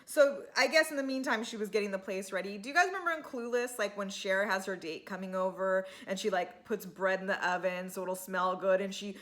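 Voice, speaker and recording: A woman's voice: medium pitch, brisk, hardly any pauses. A woman hosting a casual reality-TV recap, chatty and full of fillers, acting out what the people on the show said. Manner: chatty, acts out quotes. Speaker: TV recap host.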